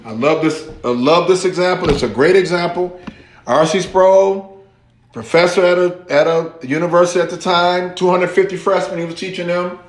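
This preacher's voice sits high, moving at a moderate pace through a reverberant space. He illustrates his sermon with a lively story, voicing each of the people in it.

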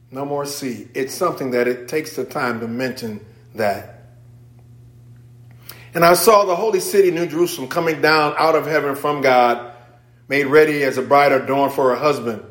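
Lively preacher in an echoey church. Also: male voice, fairly high pitch. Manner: dynamic preaching, swinging from hushed to near-shouting; informal, conversational asides with the congregation. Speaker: pastor. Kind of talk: sermon.

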